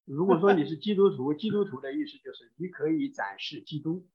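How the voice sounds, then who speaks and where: A man's voice: a little high, quick pace, breathy edge. A man interpreting a sermon live, fluent, with frequent hesitation fillers. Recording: dull lo-fi sound.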